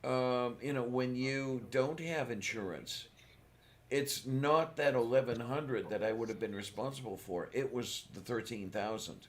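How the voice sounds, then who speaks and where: A man's voice: medium pitch, a little slow. A man in a casual group chat, wry and joking, reading out viewer comments.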